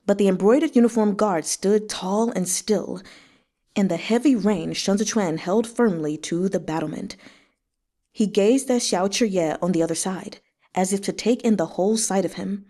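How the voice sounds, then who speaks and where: A woman reading a novel aloud with expressive narration and emotional asides. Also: medium pitch. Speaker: audiobook reader. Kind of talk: read-along narration with asides.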